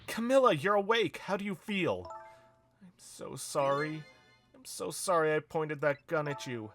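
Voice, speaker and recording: A man voicing a small, gentle young girl in a game, speaking softly and timidly. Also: fairly high pitch, lively intonation, faint music behind, pitched above the performer's own voice. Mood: apologetic. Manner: soft, timid, slow.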